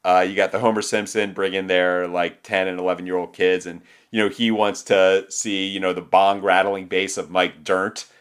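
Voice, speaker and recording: A young man co-hosting a podcast with a fairly low voice. He talks in a dry, sardonic, offhand way and swears casually. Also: level tone, normal speed, hardly any pauses, fairly bright tone, clear, resonant tone. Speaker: podcast co-host.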